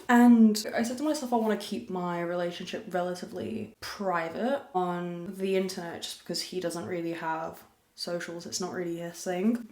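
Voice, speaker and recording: Woman, low voice, echoey room. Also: slight background noise. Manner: rambling, candid, crude jokes, talking softly. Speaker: podcast host. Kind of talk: casual confessional chat. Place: room at a farm.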